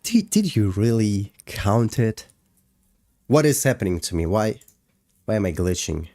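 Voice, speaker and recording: Deep, slow-talking man, hesitant. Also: very animated, mellow, dry recording, studio quality. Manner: hesitant, many fillers and restarts. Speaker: animator streaming a breakdown. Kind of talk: casual livestream chat. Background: faint music.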